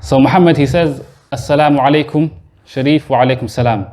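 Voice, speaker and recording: Male teacher, mid-pitched, leads a beginners' class in a mosque classroom, explains patiently and quizzes students. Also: fast, darkish tone. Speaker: Arabic teacher. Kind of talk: classroom lesson.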